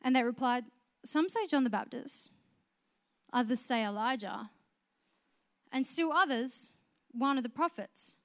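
Woman giving a sermon, high voice, casual and chatty with restarts, then gets loud and emphatic. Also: lively intonation, unhurried, pauses often. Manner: swings from soft and low to loud, emphatic proclamation; conversational, with restarts and filler words. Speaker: preacher.

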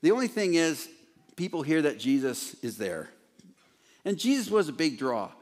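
A man preaching a sermon as pastor in an animated way, with joking asides and laughs at himself. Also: a little high, normal speed. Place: large church hall, former theater. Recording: echoey hall.

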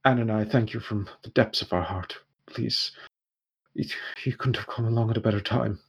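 A man's voice: on the low side, fairly even intonation, moderate pace, vocal fry, husky, full character voice. A man voicing a grateful, shaken village man who pleads earnestly and tumbles over his thanks.

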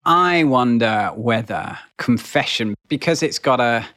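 A man's voice: medium pitch, expressive, unhurried, pushed and bright. A man hosting a church podcast, chatting casually and introducing the segments. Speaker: podcast host.

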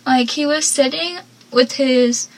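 Woman host for a casual show recap, chatty and enthusiastic, husky and fairly high. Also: slow pace, poor audio. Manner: chatty and enthusiastic, with asides and laughs.

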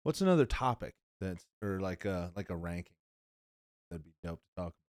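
A man's voice: deep voice, expressive, fairly quick, a little mellow, no echo, clean studio sound. A young man hosting a podcast in casual chat, rambling and profane, calling people "bro" and "dude.". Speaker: podcast host.

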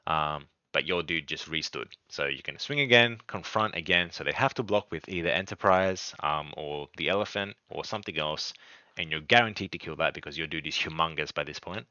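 Male podcast host, deep but bright tone, chatty and rambling, dull lo-fi dry recording. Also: a little fast, no echo. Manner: rambling, many ums and restarts. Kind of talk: casual card game strategy talk.

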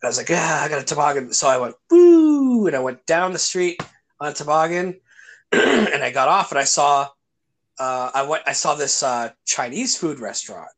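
A young man talks through long, winding anecdotes in a relaxed podcast chat, cursing freely along the way. His voice sits somewhat high for a man. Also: moderate pace. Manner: rambling storyteller, acts out voices in his anecdotes, swears freely.

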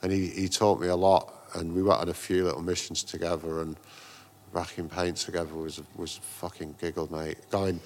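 A man's voice: deep voice, flat delivery, fairly quick, darkish tone. A man in a casual interview, telling rambling anecdotes full of slang and restarts. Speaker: guest, graffiti artist and painter.

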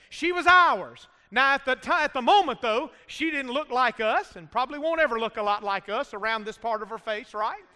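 A man's voice: very high voice, bright, forceful tone. A man preaching a sermon with emphatic delivery and frequent calls of "amen" to the congregation. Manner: emphatic preaching with frequent call-and-response amens. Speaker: pastor. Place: church sanctuary. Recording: reverberant hall.

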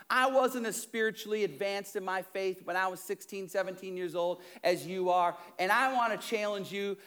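A middle-aged male pastor telling a story in a sermon, conversational and animated, acting out what people said. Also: high voice. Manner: animated, conversational, acts out quotes.

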